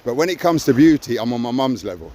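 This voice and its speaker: A man's voice: medium pitch, big pitch swings, fast, dark tone. An older man talking earnestly in a raw personal conversation, stressing points with "you see". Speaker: podcast co-host.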